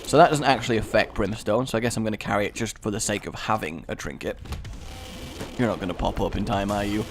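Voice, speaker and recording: A young English man giving chatty, sarcastic let's-play commentary, rambling into asides and breaking into excited yelps. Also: lowish voice, fast, background noise. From England. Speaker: gaming YouTuber.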